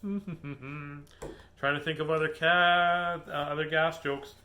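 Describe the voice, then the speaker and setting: A man's voice: fairly high pitch, steady tone, takes it slowly, bright, forceful tone, slight background noise. A man hosting a casual storytime, reading children's books aloud with jokes and asides. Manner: playful, jokey, laughs at his own puns.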